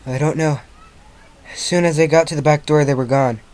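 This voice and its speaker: A man voicing a young male dragon, breathless and halting, then cold and flat. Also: fairly high pitch, lightly acted. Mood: anxious. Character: young male baby dragon, lovesick and hurt.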